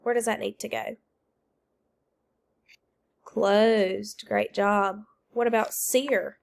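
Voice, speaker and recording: A woman's voice: medium pitch, little pitch movement, slow pace, gravelly. A woman teacher leading children through a phonics lesson on video, calling out words, drilling answers and praising them, while feeling unwell. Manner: leads call-and-response drills, praises answers.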